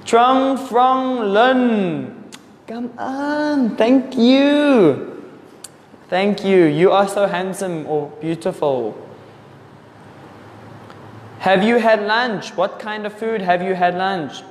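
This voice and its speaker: Slow, echoey man teaching. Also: high voice, expressive. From South Africa. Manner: slow, deliberate, repeats and corrects words for learners. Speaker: English teacher. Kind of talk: answering viewer questions for learners. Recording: echoey room with long reverb.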